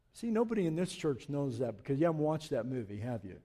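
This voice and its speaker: A pastor delivering a sermon in a high-pitched voice. He pushes hard on his key points, then drops low for conversational jokes with the congregation. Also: expressive, moderate pace, hardly any pauses. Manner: swings from loud emphatic preaching to low asides; joking, conversational.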